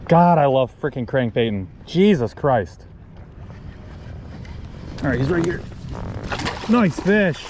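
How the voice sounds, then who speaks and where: A man hosting a fishing vlog from a boat, talking excitedly and loudly about the fish he catches. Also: mid-range voice, measured pace, long pauses, highs cut off. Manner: exuberant, shouting and swearing mildly. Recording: wind noise on an outdoor mic.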